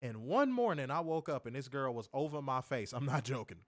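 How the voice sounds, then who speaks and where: Animated, profane man telling stories. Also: mid-range voice, a little fast, dry recording, clean studio sound. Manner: animated storytelling, loud bursts, profane. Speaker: co-host of a wrestling review show. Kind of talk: casual streamed chat.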